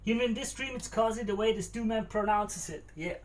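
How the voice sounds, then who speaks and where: High-voiced man chatting while he cooks. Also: brisk. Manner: chatty, answers chat and muses aloud while working. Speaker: cooking livestreamer. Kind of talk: casual live-stream chat while cooking. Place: home kitchen.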